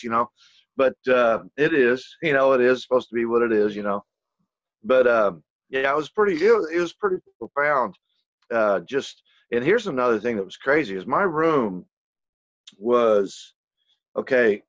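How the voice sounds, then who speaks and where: A man spins a long personal story in a loose, rambling way, swearing and leaning on "you know" at every turn. His voice sits at an ordinary middle pitch. The recording is dry and a little dull, like modest home gear. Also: no room sound. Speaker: channel host telling a personal story. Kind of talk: casual conversational storytelling.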